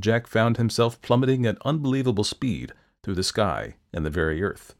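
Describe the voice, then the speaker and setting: A man narrating a folktale in a steady, expressive storytelling manner. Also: mid-range voice, moderate pace, few pauses.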